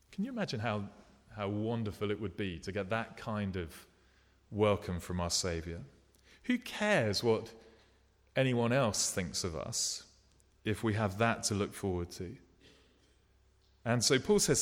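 Earnest low-voiced male preacher in a reverberant hall. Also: animated. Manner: earnest, unhurried, paints vivid scenes, drops soft at tender moments. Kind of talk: sermon.

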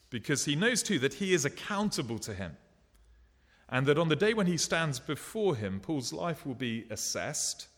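A man preaching a sermon in an earnest, unhurried way, painting vivid scenes and dropping softly at tender moments. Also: medium pitch, big-room sound.

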